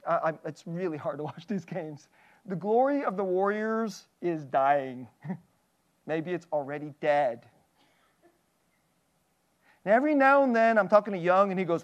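A pastor giving a sermon, animated, laughing often, asking the audience many questions and acting out quoted voices. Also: medium pitch, unhurried, pauses often.

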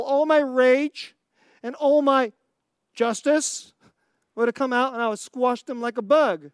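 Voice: sits high, slow, pauses often, dry recording, studio quality. A preacher giving a sermon, asking the listeners rhetorical questions and laughing between points.

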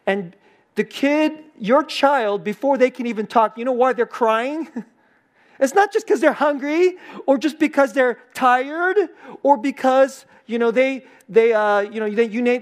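A pastor giving a sermon in a conversational way, laughing often and repeating key phrases for emphasis. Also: medium pitch. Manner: acts out short quoted lines in a changed voice.

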